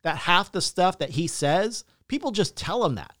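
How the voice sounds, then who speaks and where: A man's voice: sits high, very animated, normal speed, fairly bright tone, no room sound, studio quality. A man in casual political chat, blunt and profane, venting his opinions.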